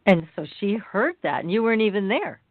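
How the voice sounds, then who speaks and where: A woman's voice: mid-range voice, sing-song, a little fast, dry recording. Sympathetic woman host on a phone line. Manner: sympathetic, exclaims in reaction. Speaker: radio show host. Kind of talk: interviewing a guest.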